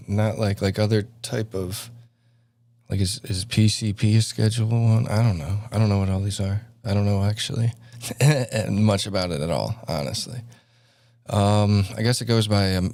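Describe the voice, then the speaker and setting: A man's voice: fairly low pitch, vocal fry, warm tone, no room sound. A man hosting a stream in casual commentary, rambling with lots of fillers and restarts. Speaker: stream host.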